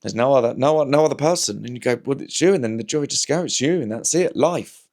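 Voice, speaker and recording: A man's voice: medium pitch, fast talker, darkish tone. Wry man, rambling comic monologue. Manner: wry, anecdotal, talks himself through hypotheticals with frequent restarts. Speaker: comedian and vlog host.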